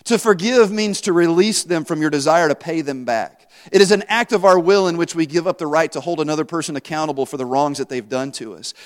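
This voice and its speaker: A pastor telling a story in a sermon, animated, moving between quiet asides and loud bursts. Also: male voice, a little high, brisk. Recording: long hall reverb.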